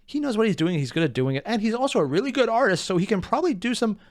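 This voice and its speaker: An animated man talking through a reaction video, rambling and poking fun at himself. His voice sits a little high and swings lively up and down. The sound is close and dry. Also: rapid-fire, no room sound. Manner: animated, rambling, self-deprecating. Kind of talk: casual reaction commentary.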